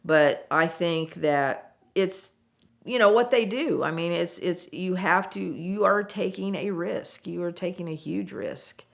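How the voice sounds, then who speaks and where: Low-voiced woman, middle-aged, former car saleswoman, animated storyteller. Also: a little slow, gravelly. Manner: animated, acts out quoted voices, frank and chatty. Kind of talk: casual storytelling interview.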